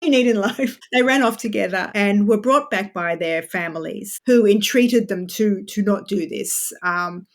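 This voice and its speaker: A woman author talks as a podcast guest, her voice sitting at an ordinary middle pitch. She explains history in a chatty, animated way. She keeps breaking off into asides as she goes. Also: a little slow, few pauses. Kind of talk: podcast interview.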